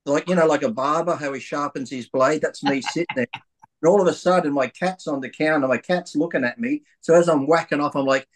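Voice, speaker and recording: A middle-aged man telling crude stories in casual chat, animated and laughing as he acts out quoted voices. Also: a little high, brisk. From Australia. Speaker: guest bodybuilder.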